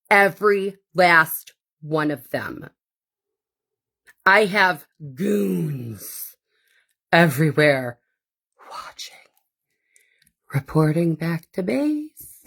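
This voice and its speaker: A woman hosting her own podcast in a combative, profane rant. She speaks slowly and deliberately, with a lowish voice. Sarcastic asides cut through the blunt delivery. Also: a bit bright. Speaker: podcast host. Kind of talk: ranting monologue.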